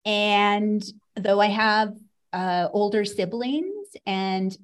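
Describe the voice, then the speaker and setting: A middle-aged American woman shares a personal story as a podcast guest. Her voice sits at an ordinary pitch. She tells it with a dry, sarcastic wit. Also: very slow. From United States. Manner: sarcastic, wry.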